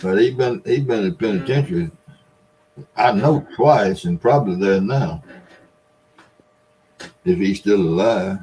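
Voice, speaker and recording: Low-voiced man spinning yarns. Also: a little slow, pauses often, warm tone, poor audio. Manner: laughs often, drawling folksy yarn-spinning. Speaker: storyteller, former store owner. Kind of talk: casual storytelling.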